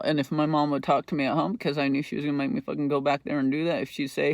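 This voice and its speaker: A man's voice: fairly high pitch, little pitch movement, rapid-fire, creaky, few pauses, dry recording. A middle-aged man hosting a podcast, telling a rambling story in a casual, profane monologue. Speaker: podcast host.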